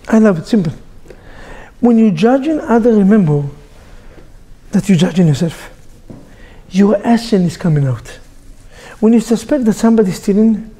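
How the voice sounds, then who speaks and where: A man teaching as a rabbi, telling stories with jokes and sound effects in a lively sermon to a group. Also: sits high. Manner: animated storyteller, joking, with sound effects.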